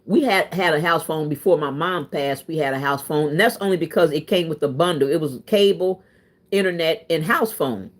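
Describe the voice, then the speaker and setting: Animated woman telling stories. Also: sits low, moderate pace. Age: 30s. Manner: animated, emphatic, swings into quoted voices. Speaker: vlogger. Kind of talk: casual storytelling chat.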